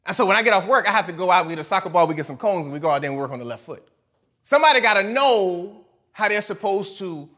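A man preaching a sermon, animated, moving between loud emphatic lines and soft asides, often laughing. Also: on the high side. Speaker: pastor.

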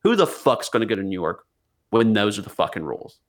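Co-hosting a podcast of casual political chat, this man rants with lots of swearing and jokes, rambling and restarting his sentences. His voice is on the low side with big pitch swings, and he talks briskly.

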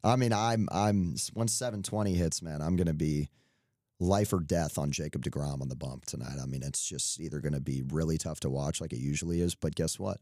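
A man's voice: extremely low pitch, fairly quick, warm tone, dry recording, studio quality. A young man co-hosting a podcast, chatting casually about sports picks with loose, joking asides. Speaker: podcast co-host. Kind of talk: casual sports betting chat.

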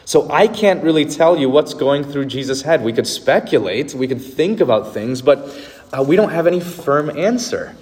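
A man's voice: medium pitch, a little mellow, in a large hall. A male pastor preaching a sermon in an earnest, emphatic way, driving points home with repetition.

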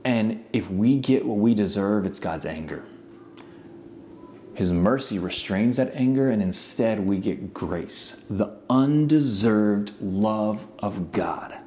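A man's voice: fairly low pitch, expressive, slow, dark tone, a little hiss or hum. A male pastor preaching in a conversational, storytelling way, with frequent asides to the congregation. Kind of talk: sermon.

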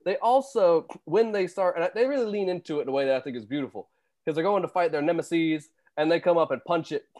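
A man's voice: a little high, lively intonation, fast, darkish tone. A man describing cartoon scenes in casual chat, rambling and restarting his sentences. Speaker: podcast co-host.

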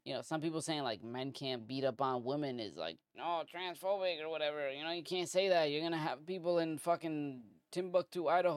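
A man's voice: on the high side, smooth, no echo, studio quality. A man from the US hosting a podcast, ranting casually with heavy profanity and lots of filler words. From United States. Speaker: podcast host. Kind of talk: casual commentary monologue.

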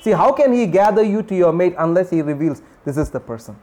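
High-voiced man preaching emphatically. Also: expressive, fast, mellow. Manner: emphatic, repeats key phrases, asks the audience questions. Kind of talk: sermon teaching.

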